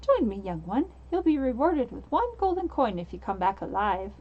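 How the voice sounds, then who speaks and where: A woman's voice: a little high, big pitch swings, moderate pace. A woman voicing a solemn, cryptic man who invites a girl to a board game, heard through a dull lo-fi mic.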